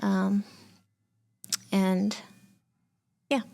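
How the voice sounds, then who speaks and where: A woman's voice: mid-range voice, flat delivery, drawn-out words, vocal fry, warm tone. A woman from Texas, a pastor co-hosting a podcast, talking casually and reflectively with many fillers. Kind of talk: casual conversation.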